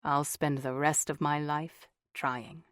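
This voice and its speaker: A woman's voice: low voice, fairly even intonation, slow, fairly bright tone, no room sound, clean studio sound, voice pushed down. A woman voicing a tender, earnest young husband and father in an audiobook.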